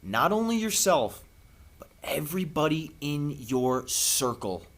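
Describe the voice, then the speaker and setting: Speaking slightly high in a sing-song, fairly bright tone, a male vlogger gives an earnest, passionate spiritual address to camera. He preaches with long, dramatic pauses.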